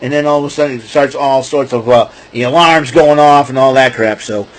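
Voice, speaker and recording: Talking fairly quickly in a mid-range voice, this middle-aged man hosts his own show alone, chatting casually and rambling with lots of restarts. He laughs and does goofy voices, and the audio quality is poor.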